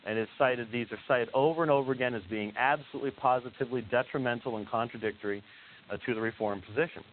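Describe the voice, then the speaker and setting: A male theology lecturer speaking in a moderate voice, pressing his points hard and pausing often on filler sounds. The sound is thin and phone-like, with a faint hiss running underneath. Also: medium pitch, fairly even intonation. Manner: emphatic, frequent filler hesitations, repeats key points. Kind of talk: teaching lecture. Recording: tinny lo-fi recording with faint hiss.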